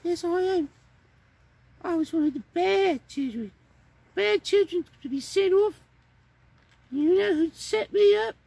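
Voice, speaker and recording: A man voicing a cheeky, boastful male puppet who has landed in jail, in a squeaky high voice that drawls and ends lines with "man". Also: unhurried, creaky, long pauses, a little mellow, no echo, exaggerated voice.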